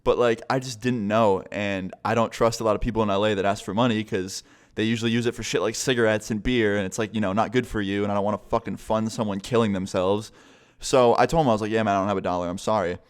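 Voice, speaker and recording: A man's voice: fairly low pitch, fairly even intonation, fast talker, smooth. A young man vlogging a casual storytime, rambling and swearing a lot. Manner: rambling, profane, chatty.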